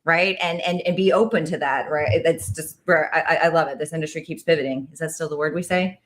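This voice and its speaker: Woman podcast host, low voice, rambling casual chat, lots of fillers. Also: fairly even intonation, fairly quick, a little hiss or hum. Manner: rambling, chatty, lots of "like" and "right?".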